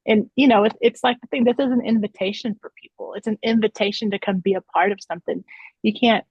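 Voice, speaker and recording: A woman's voice: medium pitch, steady tone, quick pace, breathy edge, no room sound. A woman in her thirties or forties, talking earnestly in a casual round-table discussion and telling stories with many restarts. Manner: earnest, storytelling, frequent restarts and "right?". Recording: dull lo-fi dry sound.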